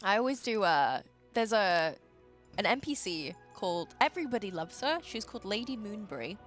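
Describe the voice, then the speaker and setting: A woman's voice: medium pitch, sing-song, moderate pace, a bit bright, soft background music. Chatty woman co-casting a game stream. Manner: chatty, teasing, explains game lore. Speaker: stream co-caster. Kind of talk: casual banter on a gaming livestream.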